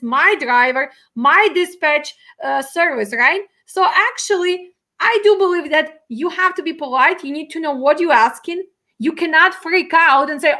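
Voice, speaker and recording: Animated emphatic high-voiced woman host. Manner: emphatic, animated, repeats "you know what". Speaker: host and dispatch trainer. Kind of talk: casual interview.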